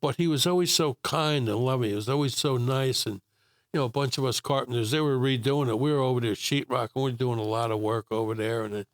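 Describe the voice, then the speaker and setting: A man's voice: medium pitch, quick pace, dry recording, studio quality. An older man telling his life story in a casual interview, rambling with many fillers and acting out quotes.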